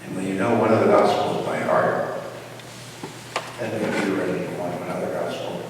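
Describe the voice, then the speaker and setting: A man preaching a sermon as pastor, talking conversationally and rising to loud, emphatic scripture reading. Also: low voice, fairly even intonation, fairly quick. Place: church sanctuary. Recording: echoey church from far off, noisy.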